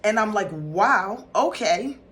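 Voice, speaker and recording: A woman from North Philadelphia, a spiritual teacher, telling a story to her viewers in a casual, excitable way with frequent laughter. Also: mid-range voice, slow pace.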